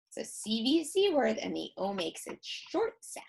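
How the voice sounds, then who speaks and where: A woman teacher giving a recorded phonics lesson for children, sounding out vowels slowly and repeating each one with emphasis. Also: a little high, very animated, gravelly, breathy edge.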